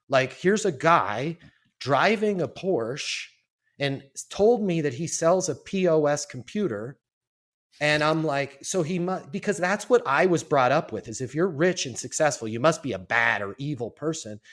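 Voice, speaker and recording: Man, fifty, podcast guest, lively storyteller, plays out quoted voices, repeats words. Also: fairly high pitch. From Colorado, US. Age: 50s. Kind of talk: storytelling in a casual interview.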